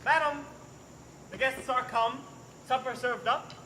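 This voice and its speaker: A man playing a flustered young servant announcing in a hurried, urgent way, in outdoor Shakespeare stage acting. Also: extremely high pitch, pushed and bright, reverberant, slight background noise, exaggerated voice.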